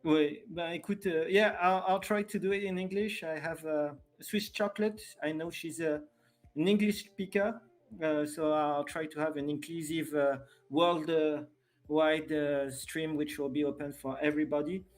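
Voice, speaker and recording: A man's voice: a little high, fairly even intonation, normal speed. Chatty French-accented man streaming live. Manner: chatty, hesitant, self-deprecating, laughs often. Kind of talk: casual live stream chat.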